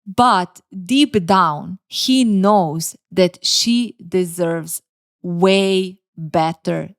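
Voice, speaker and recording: A woman's voice: lowish voice, drawn-out words. A woman recapping and reviewing a reality dating show in casual commentary, blunt and opinionated, openly emotional.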